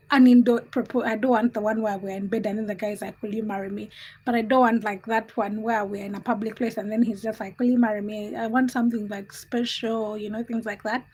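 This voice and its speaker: This young livestream host has a fairly high, husky voice. Reading comments in a casual stream, she greets viewers by name and keeps things giggly and teasing.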